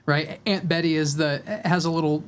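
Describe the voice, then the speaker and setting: A man hosting a casual podcast conversation, laughing often and halting with fillers as he retells stories. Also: a little high, little pitch movement, clear, resonant tone. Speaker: podcast host.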